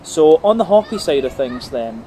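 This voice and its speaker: A man's voice: fairly high pitch, sing-song, normal speed, noisy background. A man giving a casual, methodical beer tasting review, talking through the flavours layer by layer with plenty of ums and uhs. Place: on a brewery visit.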